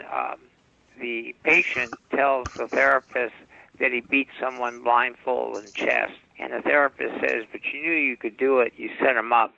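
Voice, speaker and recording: A gravelly man with a forceful edge, explaining things casually and filling his pauses. His voice comes through dry and slightly dull. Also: medium pitch, dry recording. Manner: explanatory, with frequent fillers. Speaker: guest author. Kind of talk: casual interview talk.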